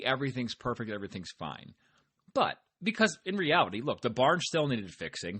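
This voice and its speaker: A man's voice: medium pitch, a bit bright, slightly rough. Upbeat chatty male podcast host. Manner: upbeat, chatty, talks straight to listeners. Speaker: farmer. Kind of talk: casual motivational monologue.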